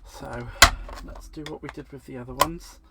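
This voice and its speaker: A man's voice: mid-range voice, steady tone, moderate pace, creaky, heavy background noise. A man hosting a live crafting stream, chatting to viewers as he works and laughing often. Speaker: crafting livestream host.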